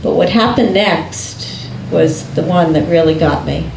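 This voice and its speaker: A woman telling a personal story in conversation, unhurried and often breaking into laughter. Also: lowish voice, creaky, a little mellow, a little hiss or hum. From United States. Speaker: guest recounting a personal story. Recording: echoey room.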